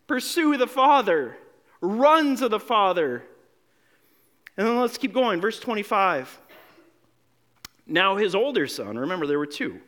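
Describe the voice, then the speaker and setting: A male pastor delivers a sermon in a fairly high voice that rises and falls widely. He acts out the voices in the passages he reads and swings from loud to hushed. He often stumbles and repeats a word before pressing on. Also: very animated, a little slow, pauses often. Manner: repeats words when restarting.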